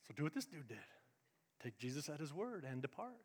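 A middle-aged man preaching a sermon as pastor, swinging between loud emphatic lines and hushed, confiding asides. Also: fairly high pitch, sing-song, brisk, husky. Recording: long reverb of a large hall.

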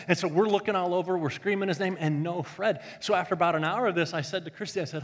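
Male pastor, high voice, joking storyteller, long hall reverb. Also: fast talker. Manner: animated and joking, swinging from loud to hushed. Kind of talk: storytelling sermon.

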